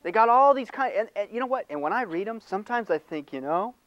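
An older man preaching with animated, chatty energy. His voice sits a little high for a man and changes quickly between quiet asides and loud bursts. The recording is dry and slightly dull, with little room sound. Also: no echo. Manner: animated, conversational preaching with laughs and mock voices. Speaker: pastor. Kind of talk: sermon.

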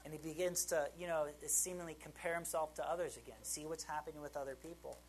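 A man's voice: on the high side, fairly even intonation, quick pace, slight background noise, poor audio. A man preaching a sermon in an informal, conversational way, often checking in with his listeners. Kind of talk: conversational Bible teaching.

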